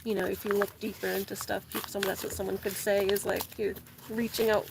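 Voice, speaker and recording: A woman's voice: mid-range voice, little pitch movement, a little fast, creaky, background noise. A young woman vlogger chatting casually while gardening, rambling, saying "like" a lot and laughing often. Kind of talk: casual chat. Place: garden, repotting plants.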